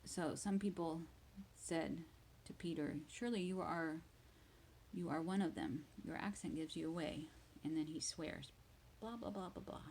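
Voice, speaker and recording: Woman, lowish voice, slow English lesson, reads then retells, sometimes whispers. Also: a little mellow, slight background noise, low-quality recording. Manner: reads a verse then retells it in simple words. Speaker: English teacher. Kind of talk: slow Bible reading lesson for learners.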